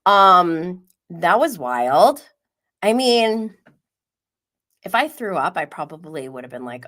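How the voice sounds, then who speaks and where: Woman host of a reality TV live stream: relaxed pace, gossipy, giggly, drops to a whisper at times. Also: lowish voice, slow. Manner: gossipy, chatty, drops to a whisper and laughs often. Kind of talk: casual live-stream commentary.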